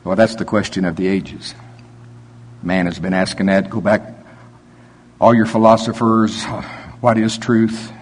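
A man preaching a sermon, reading scripture slowly with emphasis and rising into animated preaching. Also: on the low side, slightly rough.

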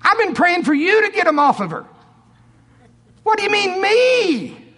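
A man voicing an earnest, praying father who is bewildered and indignant, his voice rising high as he pleads and protests. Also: sing-song, measured pace, pushed and bright, in a large hall, full character voice. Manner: pleading, exclaiming in a raised voice.

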